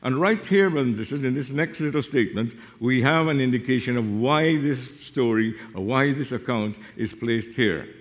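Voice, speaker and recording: A man preaching a sermon, explaining Bible verses and reading them aloud, with sudden drops to a hushed voice. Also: medium pitch, moderate pace, few pauses. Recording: long reverb of a hall.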